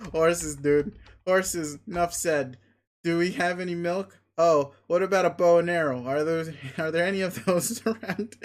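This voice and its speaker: A man reading a webcomic aloud, voicing a boastful, crude, muscle-obsessed male creature who swears loudly and gives commands. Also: a little high, close to an everyday voice. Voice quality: loud, bragging, swears constantly. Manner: bombastic, pushy, commanding.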